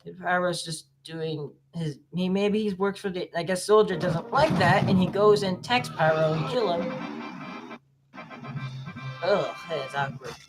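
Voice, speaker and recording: A woman's voice: fairly low pitch, unhurried, over loud music. A woman giving casual reaction commentary on a video, rambling and guessing aloud with many fillers.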